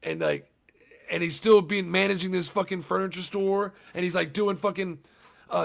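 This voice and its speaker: Man, young, gravel-voiced, profane, rambling, streaming movie recap. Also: high-pitched, expressive, normal speed. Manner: profane, rambling, talks to chat.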